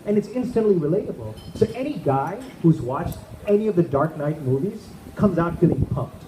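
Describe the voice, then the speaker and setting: A man's voice: on the high side, sing-song, normal speed. A man doing a stand-up comedy set at an event, chatty and checking in with the crowd. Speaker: amateur stand-up comic. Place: event room with a live audience. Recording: echoey room with background noise.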